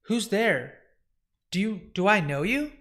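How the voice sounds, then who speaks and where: A man's voice: high-pitched, sing-song, measured pace, fairly bright tone, heavily acted. A man voicing a blunt, wary young woman in her twenties while reading a comic. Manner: blunt, plain-spoken.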